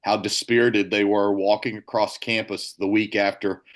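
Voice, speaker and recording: A man's voice: lowish voice, little pitch movement, moderate pace. Chatty man talking college football. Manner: chatty storyteller, retells quotes. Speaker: sports reporter. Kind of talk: casual sports talk.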